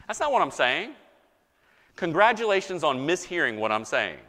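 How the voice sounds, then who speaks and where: A man preaching a sermon as a pastor, animated, mock-voicing objectors and swinging between loud and soft. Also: fairly high pitch, moderate pace, big-room sound.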